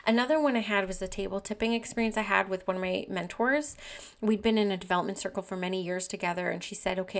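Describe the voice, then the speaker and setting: A woman hosting her own podcast, telling personal stories in an earnest, emotional, chatty way. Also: medium pitch. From Canada. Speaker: podcast host and medium teacher. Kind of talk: casual storytelling podcast.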